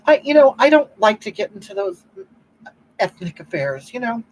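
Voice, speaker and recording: In a natural voice at normal speed, a performer improvises a comedic livestream as a self-righteous older woman who gushes and preaches about love while reading the chat. She rambles, keeps asking "you know what?", and swings widely in pitch, swooping up and down. The audio is poor, with slight background noise.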